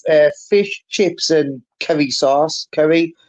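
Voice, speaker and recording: A man's voice: a little high, takes it slowly, darkish tone, no room sound, highs cut off. A man in casual panel chat on a video call, breaking in with playful remarks. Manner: playful interjections.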